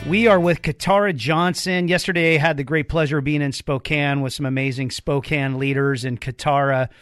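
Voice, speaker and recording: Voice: medium pitch, fairly even intonation, brisk, soft background music. A podcast host introducing and questioning a guest in an interview.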